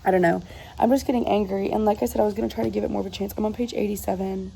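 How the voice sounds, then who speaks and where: Speaking very fast with fairly even intonation, a woman chats casually about the book she's reading; her medium-pitched voice is warm and husky with vocal fry. The recording is low quality, and as a book reviewer she sounds exasperated and rambling, leaning heavily on "like."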